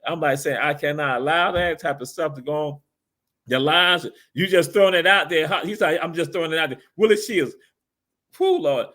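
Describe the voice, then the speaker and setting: A man hosting a casual live-stream talk show, animated and preachy, repeating his words. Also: on the high side, moderate pace.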